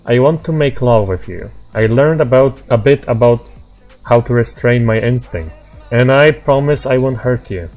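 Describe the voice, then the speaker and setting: A man's voice: mid-range voice, normal speed, darkish tone, soft background music, natural voice, low-quality recording. Lustful female praying mantis, read by a man, insistent, plain mid voice. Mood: pleading. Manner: pleading, insistent.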